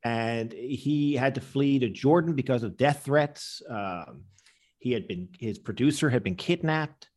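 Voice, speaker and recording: A man's voice: mid-range voice, measured pace, a little mellow. A man answering interview questions with rambling anecdotes, acting out the people he quotes. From Canada. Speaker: interview guest, comedian.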